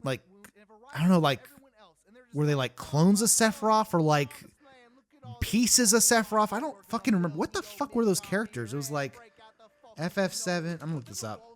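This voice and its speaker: A man's voice: sits high, very animated, normal speed. A man hosting a casual commentary track, ranting with lots of swearing and fillers. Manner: ranting, profane, rambling with many fillers. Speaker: YouTube host. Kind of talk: casual behind-the-scenes commentary.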